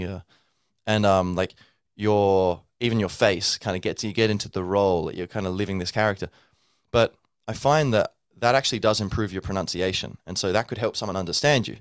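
A man's voice: low-pitched, a little fast, smooth, dry recording, clean studio sound. A man hosting a podcast, speaking in a loose, rambling monologue full of fillers and sounding tired from little sleep. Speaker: podcast host.

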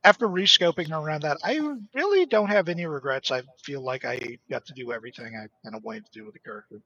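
A man chatting casually on a tabletop game podcast, relaxed and halting, with some swearing. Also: a little high. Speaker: podcast co-host, player. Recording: dull lo-fi recording.

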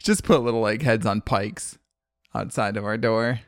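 A man's voice: on the low side, moderate pace, dry recording. Chatty rambling man, dry close mic. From American South. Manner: rambling, chatty, laughs often. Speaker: podcast co-host recapping a movie. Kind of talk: casual chat.

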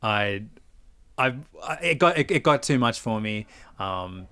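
A man's voice: on the low side, expressive, unhurried, pushed and bright, clear, resonant tone, dry recording. A man with an Australian accent telling stories in casual chat, rambling with lots of fillers and restarts and swearing freely.

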